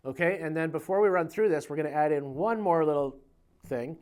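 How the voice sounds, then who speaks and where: A man giving a casual guitar lesson in a relaxed, conversational way, counting beats aloud as he explains. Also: a little high, fairly quick. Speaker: guitar teacher. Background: guitar playing.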